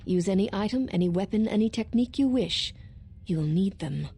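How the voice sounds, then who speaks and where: An actress voicing a stern, formal female warrior in a video game, speaking in measured, solemn lines. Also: medium pitch, lively intonation, mellow, husky. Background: game music.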